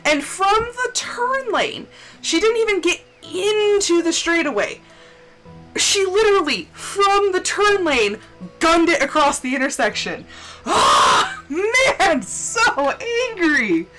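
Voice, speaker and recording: A woman streamer tells a story in a high, bright voice that swings widely up and down. She rants with indignation and swears freely. Soft music plays quietly behind her. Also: takes it slowly, rough recording. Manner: animated, swears a lot, indignant ranting. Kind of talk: casual storytelling while gaming.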